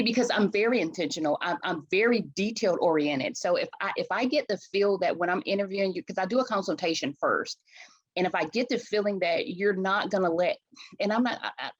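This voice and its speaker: A woman's voice: medium pitch, dry recording, muffled recording. A woman event planner from Chicago, telling her story in an interview with passion and frequent restarts. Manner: passionate, animated, restarts often.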